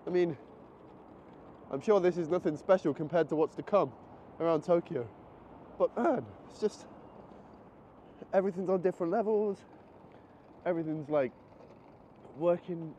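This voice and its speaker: A man's voice: on the high side, moderate pace, long pauses. Chatty male vlogger walking a city street. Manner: chatty and excitable, thinking aloud. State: a bit out of breath. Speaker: travel vlogger. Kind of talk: casual vlog narration while walking. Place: city streets outdoors and a convenience store. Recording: muffled outdoor camera audio with street noise.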